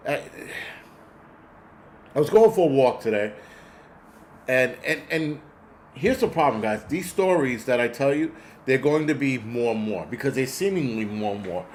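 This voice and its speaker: A man's voice: medium pitch, slight background noise. A man hosting a casual talk stream, telling a rambling street story with blunt, profane language and lots of fillers. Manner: rambling, answers viewer donations mid-story. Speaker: host. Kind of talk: casual chat.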